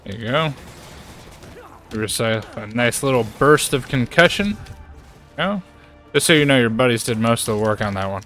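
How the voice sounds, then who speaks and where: A man giving casual gameplay commentary, excitable, playful and chatty. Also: mid-range voice, normal speed, pauses often, soft background music. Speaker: gaming streamer.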